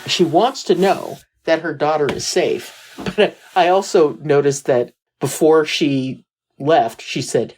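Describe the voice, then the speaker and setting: A woman's voice: low-pitched, takes it slowly, a little mellow, low-quality recording. A woman co-hosting a podcast, recapping a TV episode in casual chat, laughing often and swearing bluntly. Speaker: podcast co-host.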